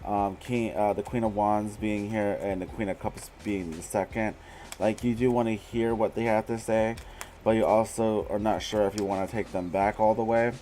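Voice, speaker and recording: Low-pitched guy doing a chill tarot live stream, cussing a lot, animated, bit of faint noise behind. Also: moderate pace. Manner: blunt and profane, animated, laughs often.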